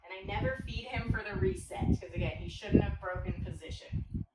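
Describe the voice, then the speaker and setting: A woman's voice: medium pitch, big pitch swings, moderate pace, creaky. Woman dog trainer, distant and echoey. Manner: instructive, gives short cues to the dog. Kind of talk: explaining training while working a puppy. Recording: echoey, distant mic, loud background noise.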